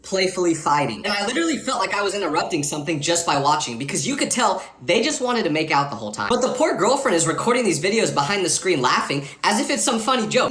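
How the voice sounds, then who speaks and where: A young man telling comedic stories in a fast, animated monologue with exaggerated asides. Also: sits high, echoey room. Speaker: storyteller.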